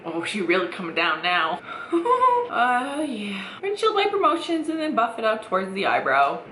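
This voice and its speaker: A woman's voice: medium pitch, very animated, moderate pace, bright, forceful tone, echoey room, a little hiss or hum. A woman chatting casually through a makeup tutorial at home, rambling with asides and laughing often. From Canada. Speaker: beauty vlogger. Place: home, indoors. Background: thunderstorm outside.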